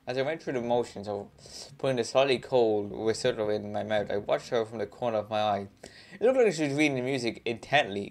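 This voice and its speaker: A young adult gamer casually reading a visual novel aloud, chatting between lines, laughing often and swearing under their breath. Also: mid-range voice. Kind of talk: casual let's-play with read-aloud game text.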